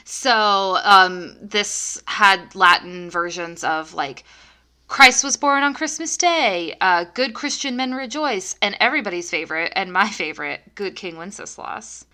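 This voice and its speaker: A woman's voice: medium pitch, lively intonation, a little slow, pushed and bright. A young woman co-hosting a podcast, chatting casually with lots of fillers and laughs. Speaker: podcast co-host. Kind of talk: casual chat.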